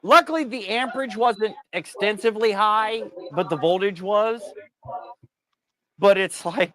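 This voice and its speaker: Middle-aged man with a high voice, casual, animated storyteller. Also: normal speed. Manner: animated storytelling, swearing, laughing. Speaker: streamer telling a work story. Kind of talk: casual chat.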